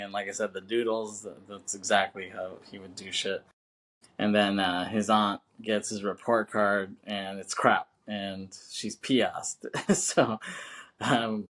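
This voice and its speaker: A man's voice: fairly low pitch, a bit bright. A man co-hosting a podcast in casual chat, talking loosely and profanely, laughing often and acting out quoted lines. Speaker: podcast co-host.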